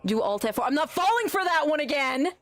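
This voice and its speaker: Lively high-voiced woman streamer. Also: fast, dry recording, soft background music. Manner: teasing, swears a lot, talks back to chat. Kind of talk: casual live game-stream chat.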